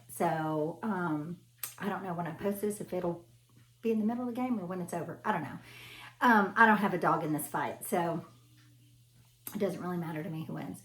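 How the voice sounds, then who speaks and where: A woman in her forties chatting to camera, rambling and laughing as she tells a story about her kids. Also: medium pitch. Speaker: vlogger and mother. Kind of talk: casual chat to camera. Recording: echoey room with faint noise.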